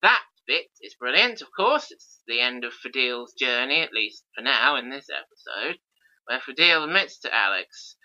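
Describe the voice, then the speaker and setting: A man's voice: mid-range voice, sing-song, moderate pace, bright, forceful tone. A man giving a casual audio commentary on an episode, enthusiastic with wry asides. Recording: dull lo-fi recording.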